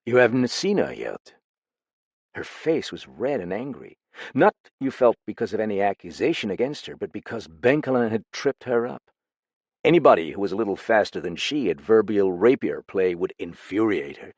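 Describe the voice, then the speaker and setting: A man narrating an audiobook and voicing a detective in an expressive, lively reading. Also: lowish voice, moderate pace, slightly rough, no room sound, studio quality. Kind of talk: scripted narration.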